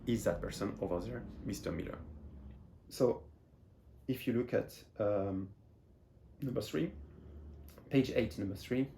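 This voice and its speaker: A man's voice: fairly low pitch, a little slow, creaky, pauses often, mellow, a little hiss or hum. A man from France, a Japanese teacher, patiently explaining a beginner lesson and often repeating phrases as he goes.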